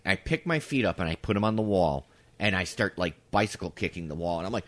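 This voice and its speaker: Low, lively male voice, casual crude anecdotes, podcast co-host. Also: fast talker. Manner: animated, breaks into loud shouted impressions and laughs; swears freely. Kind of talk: casual storytelling.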